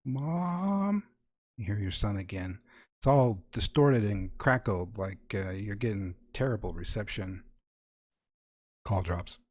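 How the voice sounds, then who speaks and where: A man's voice: deep voice, unhurried, darkish tone. A man narrating as game master of a tabletop horror game, improvising scenes with wry, playful asides.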